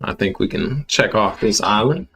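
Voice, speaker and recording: A man's voice: on the low side, very animated, normal speed, creaky, a bit bright, slight background noise. A man hosting a let's play, making dry, wry asides between reading game dialogue. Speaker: gaming channel host.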